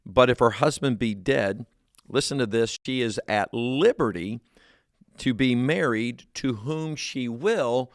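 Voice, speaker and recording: A man's voice: mid-range voice, unhurried, dry recording. A man with a Texan accent who is a pastor, talking in a chatty, upbeat way on a church studio show.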